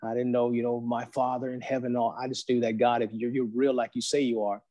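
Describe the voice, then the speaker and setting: A man in his forties sharing his faith testimony as a podcast guest, in a slangy, animated storytelling manner that acts out the voices he quotes. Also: medium pitch, brisk.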